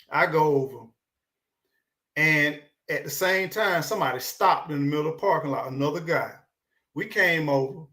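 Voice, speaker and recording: A man's voice: on the high side, a bit bright. A man telling a story in an earnest, preachy, colloquial way. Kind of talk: casual storytelling monologue.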